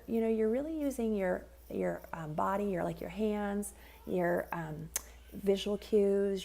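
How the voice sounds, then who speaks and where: A woman parent coach calmly explaining a tip in an unscripted way, with frequent fillers. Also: mid-range voice, vocal fry. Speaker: parent coach and child sleep expert. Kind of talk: informal educational video tip.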